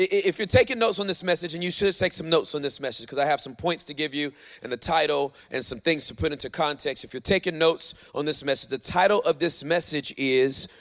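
Animated preacher man in an echoey hall. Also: on the high side. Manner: emphatic, repeats himself, urges the audience. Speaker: pastor. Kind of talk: sermon. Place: church hall.

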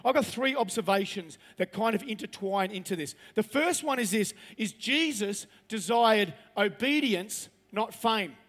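A man's voice: high voice, animated, a little slow, hardly any pauses, a bit bright. A man preaching a chatty, humorous sermon and asking his listeners questions. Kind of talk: conversational sermon. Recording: long reverb of a large hall.

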